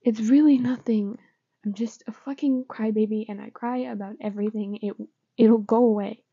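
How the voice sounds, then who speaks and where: A woman's voice: a little high, steady tone, normal speed, dark tone, slightly rough, no echo, highs cut off. A woman voicing a shaky, upset teenage boy who mumbles and often whispers, in a whispered role-play.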